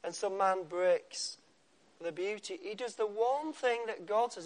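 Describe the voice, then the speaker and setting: A man preaching a sermon, with dramatic pauses and a voice that drops to a soft hush on key words. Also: high-pitched.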